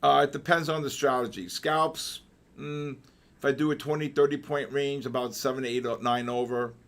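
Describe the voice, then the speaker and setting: An older man hosting a live market trading session, mixing chart talk with joking stories and loud exclamations. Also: mid-range voice, steady tone, moderate pace. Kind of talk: live trading commentary and casual chat.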